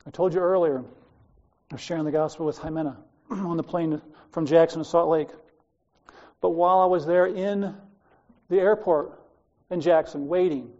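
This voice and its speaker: An older Australian man gives a loose, conversational sermon, wandering into personal stories and side remarks. His voice is dark and mellow yet on the high side, and the recording is slightly muffled and lo-fi.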